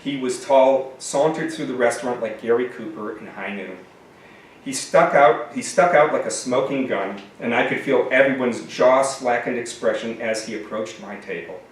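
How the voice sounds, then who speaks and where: A man reading aloud from his own novel with expression, then summarizing it in halting speech with many fillers. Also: mid-range voice. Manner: expressive reading, halting and filler-laden when talking freely. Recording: echoey room, mic at a distance, faint noise.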